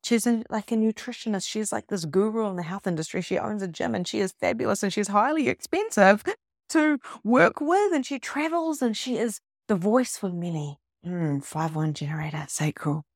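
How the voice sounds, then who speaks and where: A middle-aged woman coach, talking in an emphatic, expressive way and acting out the people she quotes. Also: mid-range voice, moderate pace, dry recording, studio quality. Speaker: spiritual coach. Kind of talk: casual motivational monologue.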